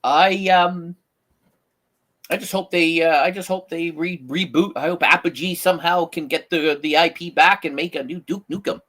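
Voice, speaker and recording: Bright-voiced opinionated man co-hosting. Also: on the high side, normal speed. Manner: animated, opinionated, backchannels often. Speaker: co-host. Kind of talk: casual chat.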